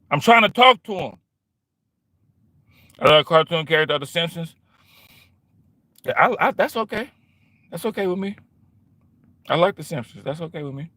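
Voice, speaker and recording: A middle-aged man streaming a casual monologue, slangy and animated, acting out quoted exchanges. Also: sits high, moderate pace, long pauses, dry recording.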